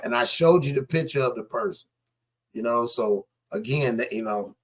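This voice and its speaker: A man's voice: medium pitch, moderate pace. A man giving casual, skeptical commentary on news clips, talking straight to his viewers.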